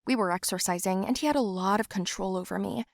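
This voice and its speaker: This woman's mid-pitched voice is gravelly and quick as she narrates a first-person animated story with lively expression. It's recorded dry and close.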